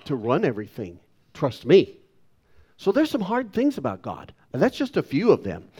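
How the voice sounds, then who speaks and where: Man in his sixties, pastor, sermon, animated swooping pitch, somewhat high voice, emphatic, self-deprecating. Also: muffled recording. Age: 60s. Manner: emphatic preaching with wide pitch swings, self-deprecating asides.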